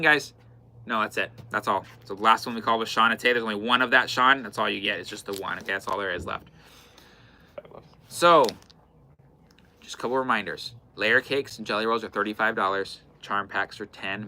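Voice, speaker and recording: A man's voice: mid-range voice, sharp tone, slight background noise. A man hosting a live-stream fabric sale, chatting casually and repeating item numbers as he goes. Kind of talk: live-stream sales chat. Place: indoor fabric shop in the far north.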